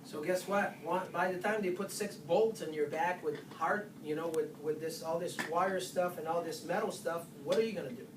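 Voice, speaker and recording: A chiropractor giving an informal nutrition workshop to patients, lively and full of "guess what?" asides. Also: mid-range voice, moderate pace, hardly any pauses. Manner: animated, keeps asking "guess what?". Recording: roomy, distant, faint hiss.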